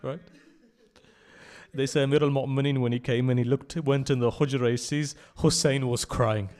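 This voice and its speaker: A man speaking at a mourning gathering in a religious centre hall, reciting with passion, swelling to loud cries and dropping low again, often asking the listeners direct questions. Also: level tone, moderate pace.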